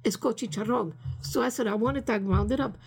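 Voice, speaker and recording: Older woman interviewee, husky and a bit gravelly, chatty and rambling, drops into Spanish. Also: a little high, a little fast, a little mellow. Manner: rambling, many fillers, slips into Spanish phrases. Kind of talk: casual storytelling.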